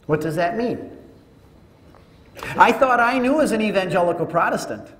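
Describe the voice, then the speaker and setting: A man giving a teaching talk to an audience, telling it as an animated story with joking asides. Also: high voice, normal speed. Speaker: Catholic speaker. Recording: echoey hall with long reverb.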